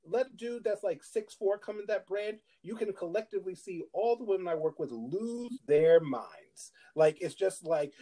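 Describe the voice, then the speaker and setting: A young man co-hosting a podcast, chatting casually and telling animated stories, acting out other people's lines. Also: normal speed, hardly any pauses, low-quality recording. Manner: animated storyteller, acts out his wife's lines in a higher voice. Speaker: podcast co-host. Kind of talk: casual chat.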